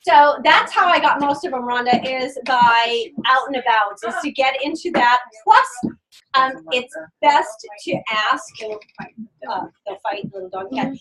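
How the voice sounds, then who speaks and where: A woman with a high voice coaches a group on selling, bursting into little acted-out conversations and hammering home words by repeating them. She is picked up from some distance, so the sound is thin and far off. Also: a little slow. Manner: energetic, acts out customer dialogues; repeats phrases for emphasis. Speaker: direct sales trainer. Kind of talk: sales training talk. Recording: voice from a distant mic.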